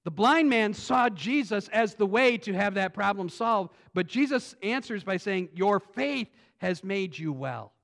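A man's voice: high-pitched, animated, measured pace, creaky, hardly any pauses. Conversational man preaching a sermon. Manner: conversational, swings between loud emphasis and quiet asides; frequent restarts and repetitions. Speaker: pastor.

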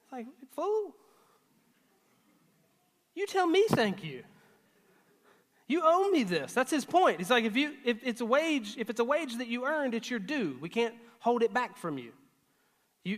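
A male pastor preaching a sermon, swinging between loud emphatic lines and hushed, earnest asides. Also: high voice. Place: church auditorium. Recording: long hall reverb.

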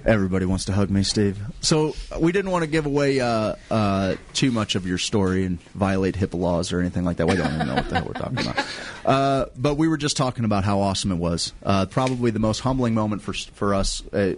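A man's voice: lowish voice, expressive, brisk, few pauses, a little hiss or hum. A man hosting a radio show in a studio, chatting casually, stumbling over words and laughing often. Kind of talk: casual morning radio chat.

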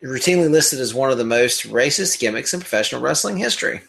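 Rambling, animated man joking about wrestling. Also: mid-range voice, fast, gravelly. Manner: rambling, joking, trailing off mid-sentence. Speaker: podcast co-host. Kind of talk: casual wrestling chat.

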